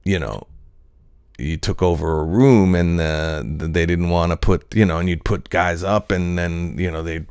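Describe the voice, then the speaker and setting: Male comedian-actor, very low voice, dry close sound; rambling, profane, thinking out loud. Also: moderate pace, clear, resonant tone, no room sound. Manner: rambling, loose, profane, full of fillers. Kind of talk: casual reflective monologue.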